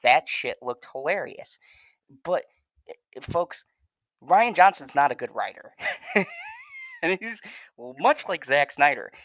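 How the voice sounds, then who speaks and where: A man co-hosting a podcast that reviews shows rambles, swears freely, and laughs a lot. His voice is medium-pitched and fairly bright, captured in a dry, dull lo-fi recording.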